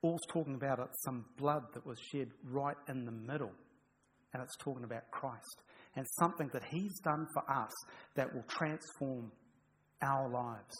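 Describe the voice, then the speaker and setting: A man's voice: medium pitch, moderate pace, fairly bright tone, low-quality recording. Chatty male preacher with light humor. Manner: chatty, humorous, with frequent restarts. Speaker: pastor. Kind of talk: sermon.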